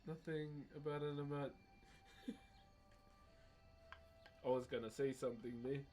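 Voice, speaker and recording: A man with a New Zealand accent talks to his live-stream viewers in a relaxed, teasing way, laughing easily between stories. His voice sits a touch high for a man. Clear music plays behind him throughout. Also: unhurried. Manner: cheeky, laughs often, chats with viewers. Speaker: live-streaming wood carver. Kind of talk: casual live-stream chat.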